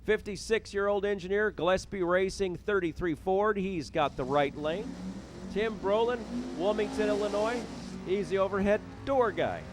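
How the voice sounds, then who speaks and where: A man's voice: sits high, normal speed, over music. A man calling drag races live as announcer, rattling off names, towns and times with a jokey, self-deprecating manner. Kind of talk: live race commentary. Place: drag strip. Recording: loud race cars behind the voice.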